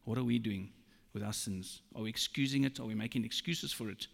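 A man preaching a sermon, slow and emphatic, quoting scripture. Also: medium pitch, vocal fry. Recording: long reverb of a large hall.

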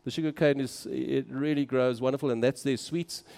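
A man's voice: medium pitch, fairly even intonation, moderate pace, vocal fry, darkish tone. A man, a minister, narrating travel photos in a casual, enthusiastic and exclaiming way. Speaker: minister on a mission trip. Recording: long hall reverb.

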